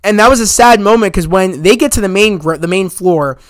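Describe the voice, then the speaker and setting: A man with a high, smooth, resonant voice talks through a film in a loose, rambling way, piling up fillers and casual swearing. The sound is dry and close. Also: brisk, dry recording. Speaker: movie reviewer. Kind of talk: casual spoken movie review.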